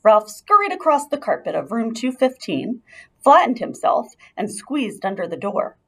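Narrating a children's chapter book at normal speed, this female audiobook reader has a gravelly, faintly husky texture. Her storytelling is lively and full of lilt and pitch swings, with each sentence expressively crafted for kids.

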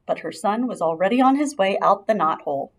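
Gravelly, lively woman reading a storybook. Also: medium pitch, a little fast. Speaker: audiobook reader. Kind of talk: children's storybook narration.

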